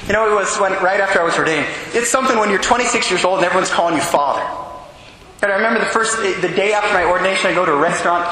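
A man preaches a sermon in a high, bright voice that rings through a big hall with a long reverb tail. He tells stories from his own life and rushes through the lively asides. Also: slight background noise. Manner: storytelling with quick animated asides. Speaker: priest.

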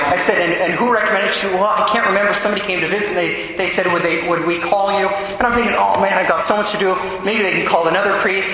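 A man's voice: fairly high pitch, pushed and bright, a little hiss or hum. A man, a priest, preaching a sermon and telling vivid stories, acting out the voices in them. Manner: vivid storyteller, acts out quotes. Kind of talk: sermon with storytelling. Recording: echoey church hall with long reverb.

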